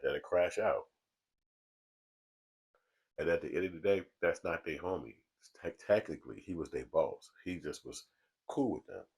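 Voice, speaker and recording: A man hosting his own vlog, talking to a small camera alone in a studio in a calm, low, mellowed-out tone, with loose street talk and swearing. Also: vocal fry, husky. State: relaxed from smoking. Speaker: vlog host. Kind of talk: casual commentary to camera. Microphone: small camera mic.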